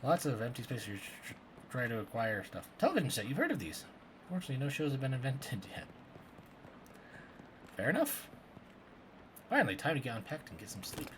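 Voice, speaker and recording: A man's voice: medium pitch, wildly swooping pitch, brisk, pauses often, a bit bright. A man playing a video game, reading its text aloud and adding offhand asides. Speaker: game streamer. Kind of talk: let's play commentary. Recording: background noise.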